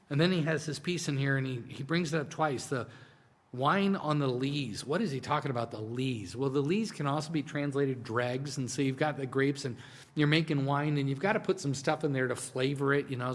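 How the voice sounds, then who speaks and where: A male pastor delivering a sermon at a medium pitch, talking to his congregation like a friend. He drops to hushed, slow phrases, then pushes out excited lines. His voice rings with the long reverb of a large church sanctuary. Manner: conversational preaching, swings between hushed and emphatic.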